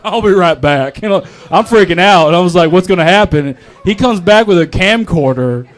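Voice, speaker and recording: A man's voice: sits high, brisk. A young man from North Carolina doing a rambling, profane, self-mocking stand-up set at an open mic, often laughing at his own jokes. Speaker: stand-up comedian. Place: open mic comedy club.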